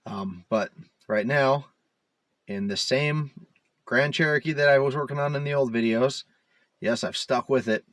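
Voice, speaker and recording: A man's voice: mid-range voice, unhurried, pauses often, a bit bright, dry recording. A man rambling casually to the camera as a DIY car repair vlogger, full of fillers and self-mocking asides, recorded inside a parked SUV.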